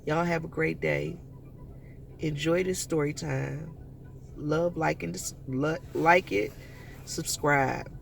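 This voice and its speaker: High gravelly man telling a story. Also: takes it slowly, slight background noise. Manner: chatty, animated storytelling that addresses viewers directly. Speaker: vlogger. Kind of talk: casual story time.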